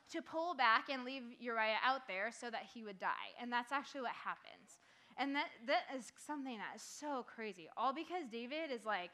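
A young woman leads a youth group in a casual sermon, her voice bright and edged with a higher pitch. She talks excitably with many "like" fillers, jumping from loud exclamations to quiet, earnest urging. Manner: excitable, full of "like" fillers, swings from loud outbursts to hushed earnest talk.

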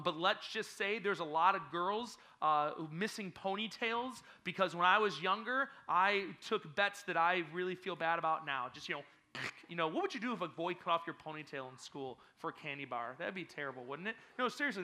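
In a church hall, a man acting as youth pastor addresses a group of kids with energy and teasing, quizzing them with playful questions. His voice sits high.

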